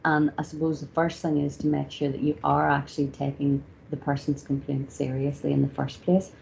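A woman's voice: low-pitched, completely flat delivery, brisk, vocal fry, a little mellow. A woman leading a customer service training session, talking informally with plenty of "you know" and "sort of". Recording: slightly dull lo-fi recording with faint background noise.

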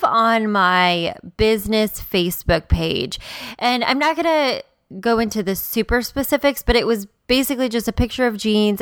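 A woman hosting a solo podcast as a stylist, excitable and emphatic, prone to rambling. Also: mid-range voice, clear, resonant tone, no echo.

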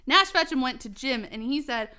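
A woman co-hosting a podcast, reading bad fan fiction aloud haltingly, stumbling over the grammar and breaking into giggling fits. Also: high voice, expressive, pushed and bright. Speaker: podcast co-host.

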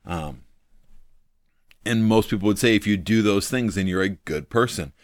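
A man's voice: on the low side, moderate pace, no echo, clean studio sound. A man hosting a devotional video, teaching from the Bible in an earnest, thinking-aloud way, full of ums and repeating his main points.

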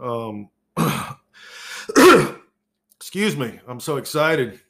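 A man's voice: medium pitch, sing-song, extremely slow. A man hosting his own podcast, ranting profanely and sarcastically about the news, over-caffeinated. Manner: profane, exasperated, sarcastic, loud outbursts. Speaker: podcast host. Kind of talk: solo podcast rant.

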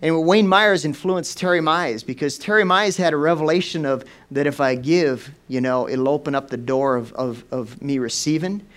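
A man preaching to a congregation in a loose, rambling storytelling style, stumbling over repeated words as he goes. His voice sits a little higher than most men's and climbs higher and louder when he drives a point home. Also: moderate pace, few pauses. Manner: rambling, storytelling with frequent restarts; animated, rising in pitch and volume for emphasis. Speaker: pastor. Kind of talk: sermon.

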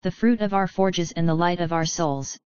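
A woman's voice: lowish voice, moderate pace, darkish tone, clean tone, dry recording, dull audio, natural voice. A woman voicing a small, proud, bitter male goblin leader who gives a grand speech in a raw, emotional voice.

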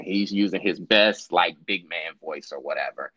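Casual male co-host, low voice, swears, acts out quotes; dry, slightly dull podcast sound. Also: moderate pace, hardly any pauses, no echo. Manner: profane, animated storyteller acting out quotes. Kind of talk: casual storytelling chat.

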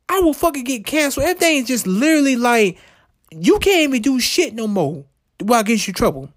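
A woman ranting in a heated, profane way, repeating herself and swinging her pitch up and down. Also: big pitch swings, fast, no echo, studio quality. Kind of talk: profane personal rant.

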